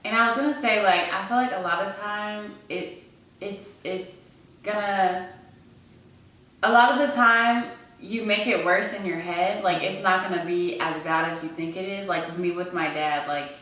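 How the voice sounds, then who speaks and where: A woman's voice: medium pitch, moderate pace, a bit bright, recorded from a distance. A young woman co-hosting a vlog, chatting casually and restarting her sentences as she goes. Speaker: vlog co-host. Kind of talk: casual storytelling to camera. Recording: echoey room, away from mic.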